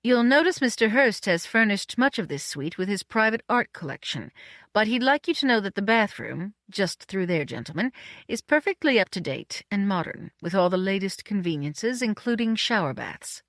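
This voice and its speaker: A woman's voice: medium pitch, big pitch swings, moderate pace, a bit bright, no echo, clean studio sound. A woman voicing a dignified middle-aged housekeeper who speaks in a careful, formal, polite way.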